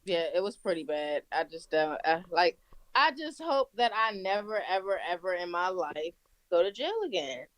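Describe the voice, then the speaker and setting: A woman's voice: on the low side, lively intonation, moderate pace, fairly bright tone. A young woman telling wild stories in casual, profane chat, laughing as she goes. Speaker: guest. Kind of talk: casual storytelling.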